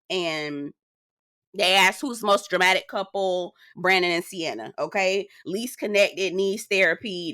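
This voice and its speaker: A chatty woman recaps a reality series with plenty of sass, talking straight to her viewer as "girl". Her voice is bright and forceful, and it swings up high whenever she wants to stress a point. The sound is dry and close, with no room around it. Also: smooth, no echo. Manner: animated, swinging up high for emphasis. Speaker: reality TV reviewer. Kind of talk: casual recap commentary.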